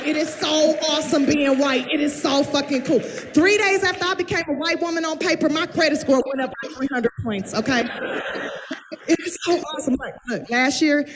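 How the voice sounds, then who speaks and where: A woman's voice: sits high, noisy background. A woman stand-up comedian telling a brash, profane story to a live audience. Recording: live show with audience laughter.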